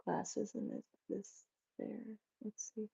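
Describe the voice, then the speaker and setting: A woman hosting a casual live chat, reading out viewers' comments and joking around with a quick laugh. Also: mid-range voice, steady tone, gravelly, dark tone, slightly rough. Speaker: livestream host. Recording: slightly dull lo-fi stream audio.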